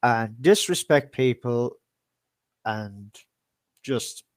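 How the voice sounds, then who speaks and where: Male stream host, slow and dry, rambling and animated, swears freely. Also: medium pitch, no room sound. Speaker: livestream host and DJ. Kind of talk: casual storytelling to viewers.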